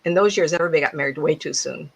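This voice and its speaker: A woman in her seventies, a psychic medium giving a casual talk to an audience, animated and laughing often as she acts out other people's voices. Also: deep voice, rapid-fire, creaky, breathy edge, low-quality recording. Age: 70s.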